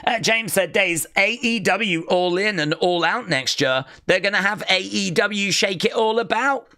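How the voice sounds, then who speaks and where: A man's voice: high voice, unhurried, sharp tone, dry recording, clean studio sound. British man bantering with stream chat. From Britain. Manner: bantering, teasing, mock-outraged asides. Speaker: live stream host. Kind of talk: casual watch-along chat reading viewer comments.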